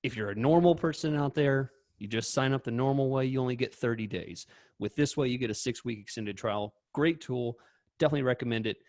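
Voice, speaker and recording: A man's voice: mid-range voice, a little fast, darkish tone, dry recording, clean studio sound. A man co-hosting a podcast, chatting casually and reading sponsor spots in an upbeat, chatty way. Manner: upbeat, chatty, hesitant restarts. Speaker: podcast co-host. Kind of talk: casual podcast chat with ad reads.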